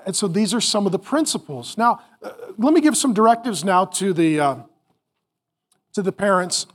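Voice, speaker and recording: A middle-aged man preaching a sermon to parents, animated and acting out family scenes, then dropping to a soft calm voice. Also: high voice, normal speed. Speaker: pastor.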